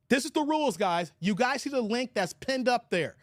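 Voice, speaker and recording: Animated male streamer. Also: extremely high pitch, normal speed, hardly any pauses, dry recording, clean studio sound. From United States. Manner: animated, laughing, addresses chat by name. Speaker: live stream host. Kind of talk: casual live stream commentary.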